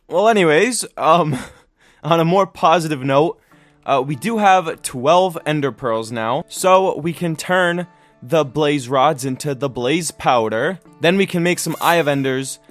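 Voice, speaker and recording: A young man giving casual, upbeat let's-play commentary on his game, with dramatic reactions. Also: fairly high pitch. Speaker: gaming YouTuber.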